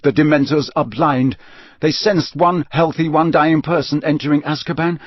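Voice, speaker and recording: A young dark wizard confesses in a flat, monotonous voice, dazed and emotionless, as a man reads him. The storybook recording is dry and dull. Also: on the high side, normal speed, no room sound, close to an everyday voice. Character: young male dark wizard confessing under truth potion, vacant.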